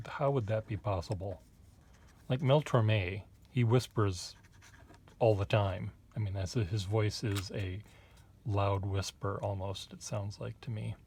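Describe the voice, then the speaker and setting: A man's voice: on the low side, darkish tone, a little hiss or hum. A man chatting casually at his desk while drawing, rambling and hesitant, with wry asides to the viewer. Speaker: artist reviewing pens.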